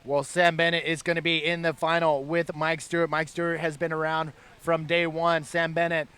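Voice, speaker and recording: A man's voice: fairly high pitch, level tone, moderate pace, bright, forceful tone, clear, resonant tone. A man calling live play-by-play at a surf contest, upbeat and hyping the action. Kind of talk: live sports commentary.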